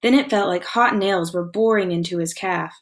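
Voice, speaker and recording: A woman teacher reading a novel aloud to her class with expressive storytelling, pausing to ask comprehension questions. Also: lowish voice. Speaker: elementary school teacher.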